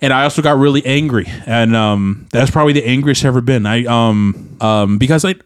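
A young musician co-hosting a podcast talks candidly in a medium-pitched, fairly quick voice, recorded clean at studio quality with no echo. His casual chat rambles, full of fillers and restarts.

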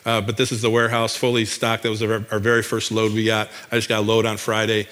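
A man's voice: on the low side, monotone, quick pace, fairly bright tone. A man from Michigan, a missionary, telling a church congregation about his work in an enthusiastic, folksy way, often restarting his sentences. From Michigan, USA.

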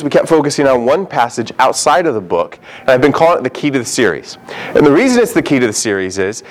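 A man's voice: on the high side, a little hiss or hum, rough recording. A man, a pastor, preaching a sermon in an emphatic way and acting out quotes.

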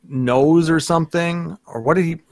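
A man's voice: fairly high pitch, normal speed, a crowd in the background. A man in casual chat, talking in rambling runs with many fillers and restarts. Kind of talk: casual chat about an anime.

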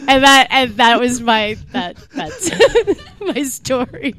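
A woman's voice: sits high, animated, unhurried, few pauses, a crowd in the background. A woman comedian telling a story as a guest on a live comedy podcast. She is bubbly, laughs often and fills her talk with "like". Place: live comedy club stage.

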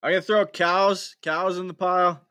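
A man on a casual podcast chat, talking in halting bursts. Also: sits high, flat delivery, bright, forceful tone, smooth. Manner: laughing, halting.

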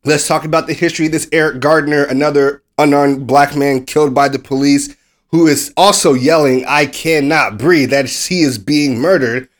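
Animated American man telling a sports story. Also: on the high side, moderate pace. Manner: animated storyteller, acts out quoted people; swears casually. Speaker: podcast co-host. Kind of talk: casual sports chat.

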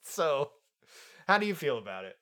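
Animated man co-hosting a film podcast. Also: fairly high pitch, moderate pace. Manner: animated and jokey, laughs often. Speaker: podcast co-host. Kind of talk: casual film review chat.

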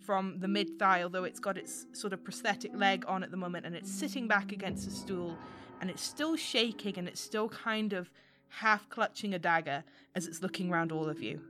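A woman's voice: medium pitch, moderate pace, over music. A woman narrating a tabletop game as game master, describing scenes and laughing easily.

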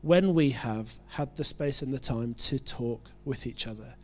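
A British man delivers a sermon to his congregation in a medium-pitched, darkish voice at a measured pace. Working through a passage, he stays chatty and self-deprecating, often stumbling and restarting his phrases. He speaks with a British English accent and is from the United Kingdom.

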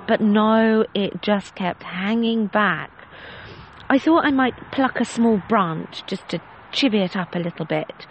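A woman voicing a frustrated well-to-do lady rider complaining about a slow horse. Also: medium pitch, darkish tone, slight background noise, poor audio.

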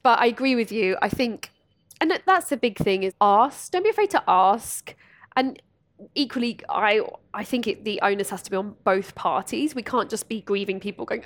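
A woman's voice: medium pitch, animated, moderate pace. A woman hosting a podcast, talking casually and animatedly about grief and acting out other people's lines. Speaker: podcast host.

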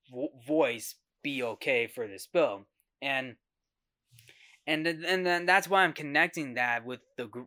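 A male podcast host talks casually about movies at a middling pitch. He rambles, often restarting sentences and repeating phrases as he works out his opinion. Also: fairly bright tone. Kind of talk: casual movie review talk.

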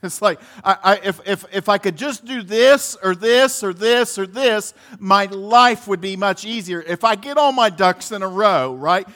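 High-voiced man preaching casually. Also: a little slow, hardly any pauses, fairly bright tone. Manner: conversational preaching with many restarts and laughs. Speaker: pastor. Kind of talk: sermon.

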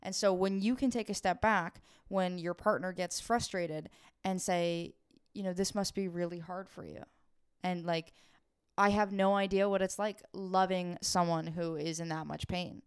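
A woman's voice: lowish voice, fairly even intonation, measured pace, smooth. A young woman co-hosting a podcast, speaking in an encouraging, affirming way in casual chat. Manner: warm-hearted, encouraging, affirming. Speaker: podcast co-host.

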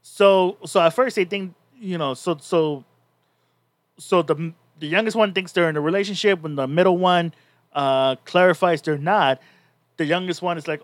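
A man's voice: high-pitched, normal speed, dry recording. A man co-hosting a podcast, casually recapping a story in a rambling way with many restarts. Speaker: podcast co-host.

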